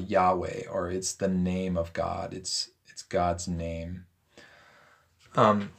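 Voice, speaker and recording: A man reading a Bible passage aloud and stopping to explain it in a relaxed, conversational way, with frequent ums and self-corrections. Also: deep voice. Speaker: Bible teacher. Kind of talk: scripture reading with commentary.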